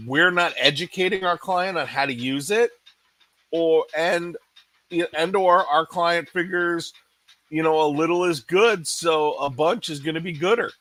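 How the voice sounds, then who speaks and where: A man's voice: on the high side, bright, forceful tone, no room sound. A man co-hosting a salon industry podcast, ranting in casual chat with frequent restarts. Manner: ranting, many restarts and "you know". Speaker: podcast co-host.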